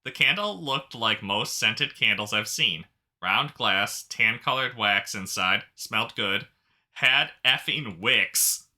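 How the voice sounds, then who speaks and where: A man co-host who reads online posts aloud and answers with dry, joking remarks. His voice sits a little low for a man but has a very bright, sharp edge. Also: lively intonation, takes it slowly. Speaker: podcast co-host. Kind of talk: casual chat, reading online stories aloud.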